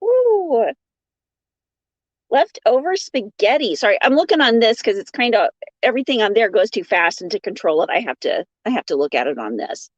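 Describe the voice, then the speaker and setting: A playful woman hosts a crafting livestream, greeting viewers by name and laughing between comments. Her voice sits a little high and swoops all over the place as she talks. It comes through dry and slightly dull, like a lo-fi phone stream. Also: very animated, normal speed, no echo. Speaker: crochet livestream host. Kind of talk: casual livestream chat, reading viewer comments. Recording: dull lo-fi sound.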